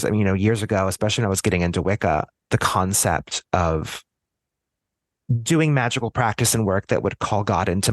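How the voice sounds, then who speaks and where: A man's voice: lowish voice, dry recording, studio quality. An American man speaking as a podcast guest in a casual discussion. He thinks aloud, chats freely and often restarts his sentences.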